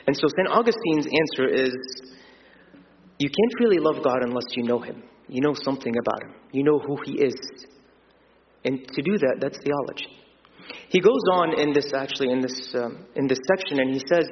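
A man's voice: mid-range voice, moderate pace, slight background noise. A man preaching a sermon in a church, earnest and explaining, with fillers and restarts. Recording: dull sound in a long reverberant church hall.

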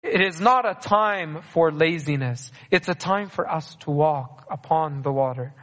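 A man's voice: fairly high pitch, a little slow, fairly bright tone. A man preaching a sermon earnestly, repeating key phrases for emphasis. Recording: long reverb of a large hall.

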